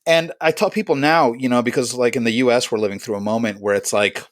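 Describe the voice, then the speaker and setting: A man's voice: mid-range voice, quick pace, dry recording, studio quality. A man in his fifties, originally from Chile, a musician guest in an interview who tells his memories reflectively and in vivid detail. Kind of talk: conversational interview storytelling.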